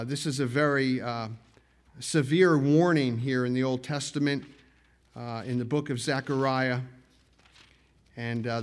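A man preaching a sermon at an evening church service, earnest, slowing down and rising for emphasis. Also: medium pitch. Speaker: pastor.

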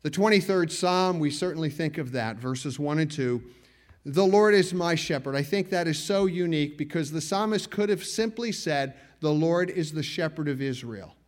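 A man preaching a sermon at an evening church service, earnest, slowing down and rising for emphasis. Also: fairly high pitch, lively intonation. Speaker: pastor.

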